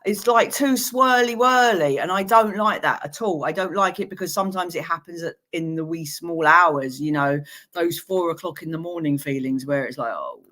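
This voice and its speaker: A woman working as a psychic medium, giving live-streamed readings to viewers in a gentle, reassuring way with playful asides. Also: on the low side, moderate pace.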